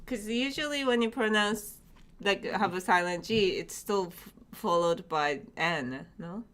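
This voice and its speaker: A woman's voice: medium pitch, unhurried, fairly bright tone. A woman co-hosting a live stream, chatting casually, often agreeing and saying "like". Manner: chatty, interjects with short agreements and uses like often. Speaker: co-host of a brand live stream. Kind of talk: casual chat.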